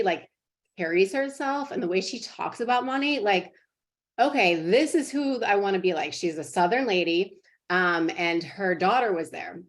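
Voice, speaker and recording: A woman in her thirties with a slightly low voice chats to her sales team over a video call. She is earnest and encouraging, full of "like" and "um," and her stories tumble out in a loose, friendly ramble. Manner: chatty, filler-heavy, earnest and encouraging. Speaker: team leader coaching sales partners. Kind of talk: casual motivational talk to a team call.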